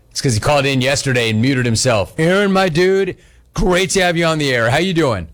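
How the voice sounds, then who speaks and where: A middle-aged man hosting a talk radio show, telling exasperated stories in a casual, animated way. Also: fairly high pitch, brisk.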